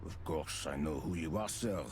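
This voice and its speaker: An actor playing a towering, formally courteous bull bouncer in a game. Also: male voice, extremely low pitch, normal speed, a little hiss or hum. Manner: formal, courteous, calls everyone gentlemen or sir. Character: towering polite bull bouncer at a club door. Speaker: game character.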